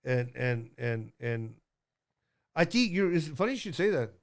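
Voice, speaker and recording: A man's voice: medium pitch, big pitch swings, unhurried. A man in his sixties telling a rambling story as a guest, blunt and profane, with lots of fillers and restarts. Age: 60s.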